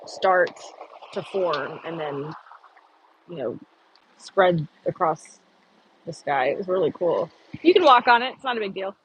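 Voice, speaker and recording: A woman's voice: on the low side, slight background noise, low-quality recording. A woman chatting casually on an outdoor livestream, rambling and answering viewer comments. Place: outdoors on a humid morning.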